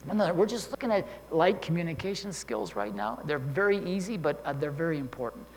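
A man's voice: fairly high pitch, very animated, a little fast, few pauses. A man preaching a sermon in a conversational way, often checking in with listeners and restarting his sentences. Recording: long hall reverb with faint hum.

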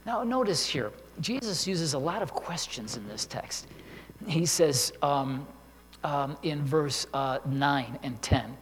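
A man's voice: a little high, animated, slow pace. A man preaching a sermon in a conversational way, often checking in with listeners and restarting his sentences. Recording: long hall reverb with faint hum.

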